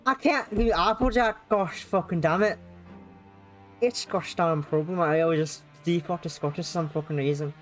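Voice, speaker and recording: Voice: mid-range voice, moderate pace, fairly bright tone, faint music behind. Streamer reading a visual novel aloud. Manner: tangential, self-correcting, swears when frustrated.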